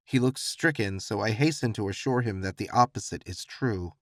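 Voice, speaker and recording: A man narrating a first-person romance audiobook with expressive, reflective storytelling. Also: fairly low pitch, normal speed, few pauses, no echo, clean studio sound.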